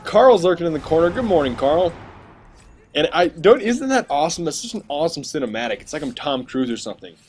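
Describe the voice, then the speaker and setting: A man's voice: a little high, sing-song, fairly quick, a little mellow, slight background noise. A man narrating his shooter gameplay in a rambling, sarcastic, joking voice-over. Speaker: gaming commentator.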